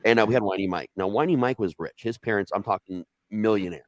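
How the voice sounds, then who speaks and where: A storyteller guest from Ohio, USA, with a fairly low voice, speaks fast over a recording with no room sound. He tells a casual anecdote in a profane, animated way, swearing freely and acting out the quoted dialogue.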